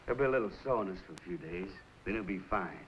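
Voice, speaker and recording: An actor playing a friendly, good-humored country doctor with a Southern accent, speaking in an easygoing folksy drawl in 1950s TV western style. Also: male voice, deep voice, lively intonation, racing, a bit bright, a little hiss or hum. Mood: calm. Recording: dull old TV soundtrack with music.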